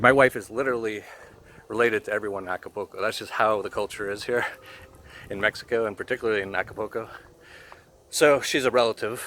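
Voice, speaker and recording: A man casually telling a personal story, emotional and halting, often laughing softly and filling pauses with "like" and "uh.". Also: fairly low pitch, slight background noise. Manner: emotional and halting, laughs softly between phrases, many fillers. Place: home in Mexico.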